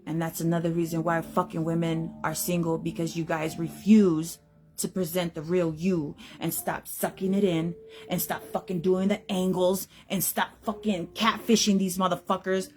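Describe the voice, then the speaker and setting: A woman's voice: lowish voice, little pitch movement, normal speed, darkish tone. Podcast host, young woman, blunt profane rant, faint music bed. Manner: blunt, emphatic, heavy swearing.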